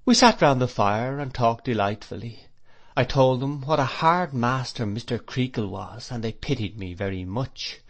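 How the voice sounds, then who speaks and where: A man narrating a classic novel as an audiobook reader, in a gentle, reflective manner. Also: mid-range voice, normal speed.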